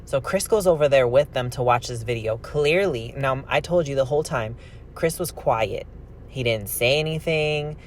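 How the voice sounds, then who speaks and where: A man tells a true crime story in a loose, chatty way. He sounds opinionated and animated, and his voice sits in a middle range. A faint hum of ambience sits behind him. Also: medium pitch, moderate pace. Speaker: card-opening vlogger telling a true crime story. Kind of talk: casual storytelling narration.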